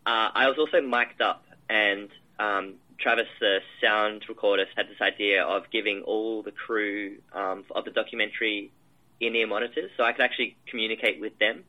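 A man's voice: lowish voice, fairly even intonation, normal speed, pushed and bright, rough recording. A man, a film director, describing his shoot in a casual interview, rambling with many fillers and restarts.

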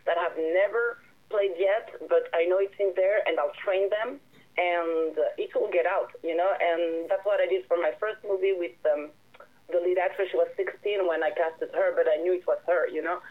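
Over a tinny phone line, a French-born woman filmmaker and director gives interview answers in English, halting and hunting for words with many restarts. Her voice is lowish.

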